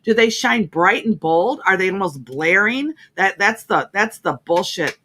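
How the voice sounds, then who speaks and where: A woman's voice: medium pitch, animated, a little slow, pushed and bright, slight background noise. Emotional woman radio host. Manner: emotional, emphatic, repeats herself. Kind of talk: heartfelt motivational talk.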